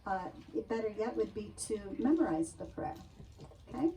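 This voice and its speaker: A woman minister leading a congregation in prayer, gentle and coaxing, often checking in with "okay?". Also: mid-range voice, expressive, normal speed, slight background noise. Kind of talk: spiritual talk and guided prayer. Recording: distant mic with faint room ambience.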